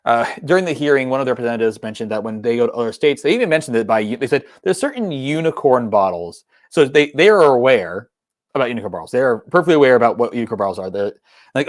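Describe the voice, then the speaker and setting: A man's voice: medium pitch, animated, quick pace, no echo, studio quality. A young man hosting a whiskey livestream, talking casually in a rambling way with many ums and restarts. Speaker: whiskey channel host.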